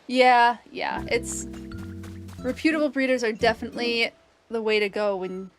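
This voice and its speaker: A woman's voice: fairly high pitch, moderate pace, faint music behind. A woman streaming a video game, chatting casually and nerdily with her viewers and laughing often. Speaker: streamer and biologist. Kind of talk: casual game livestream chat.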